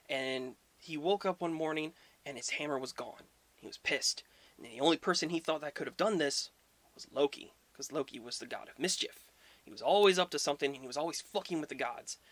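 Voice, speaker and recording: A man's voice: fairly high pitch, fairly bright tone, no room sound. Casual male history storyteller, dry sound. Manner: informal, swears, conversational fillers. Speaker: history video host.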